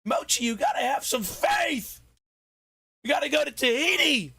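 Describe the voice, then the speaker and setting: A hoarse man doing a shouted impression of a desperate outlaw gang leader, his strained voice cracking. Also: very high voice, huge pitch swings, normal speed, voice pushed up, exaggerated voice. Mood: pleading.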